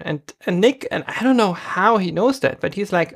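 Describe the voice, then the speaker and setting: A woman's voice: on the low side, animated, normal speed, gravelly, slightly rough. A woman co-hosting a casual chat, retelling scenes from a show and quoting the characters, with frequent restarts and laughs. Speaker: podcast co-host recapping a TV episode.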